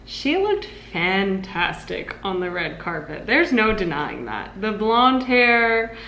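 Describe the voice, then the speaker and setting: A woman co-hosting a podcast in casual chat, upbeat and agreeable, with frequent quick yeahs. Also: mid-range voice, very animated, bright, forceful tone, muffled recording. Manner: upbeat, agreeable, quick back-channel "yeah"s. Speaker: podcast co-host. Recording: echoey room with faint noise.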